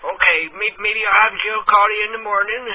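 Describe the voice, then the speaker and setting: A man's voice: high voice, little pitch movement, brisk, voice pushed up. A man putting on the voice of Ed, a pushy, rambling caller, for a prank phone call. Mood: insistent. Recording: tinny phone line with noise.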